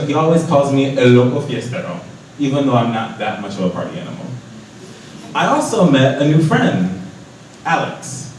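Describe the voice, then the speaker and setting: A young man reads his diary entries aloud on stage, with a lively delivery and quick put-on voices for the people he quotes. He sits well back from the microphone, and the big hall rings around every word. Faint noise hangs underneath. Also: mid-range voice. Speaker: storyteller at a live event. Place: large echoey hall. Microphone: distant from the microphone. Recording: echoey hall from far off.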